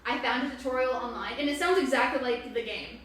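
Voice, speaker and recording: A woman running a tabletop game, chatting with excitement and quick to laugh. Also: high voice, very echoey, recorded from a distance, a little hiss or hum. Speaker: game master. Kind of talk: casual chat at a tabletop game.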